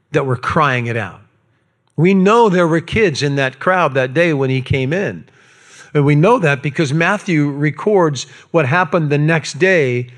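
A man preaching a sermon as pastor, animated and acting out quoted voices. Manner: animated, acts out quotes with raised pitch.

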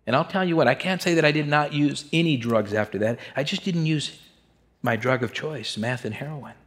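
A man's voice: on the high side, a little fast, fairly bright tone. A man telling a candid, emotional testimony to a congregation in a streetwise way. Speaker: speaker giving a testimony.

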